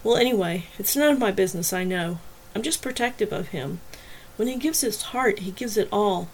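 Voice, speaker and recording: A protective young daughter in a spoken novel, soft and earnest as she confides, voiced by a woman narrator. Her voice stays close to the narrator's own, only a touch quieter. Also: mid-range voice, expressive, a little fast, slight background noise, natural voice, poor audio. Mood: confiding.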